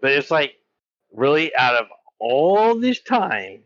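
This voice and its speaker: A man's voice: fairly high pitch, big pitch swings, takes it slowly, fairly bright tone, lo-fi sound. Blunt, swearing man ranting. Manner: blunt, emphatic, swears a lot. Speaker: podcast co-host. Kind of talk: casual chat.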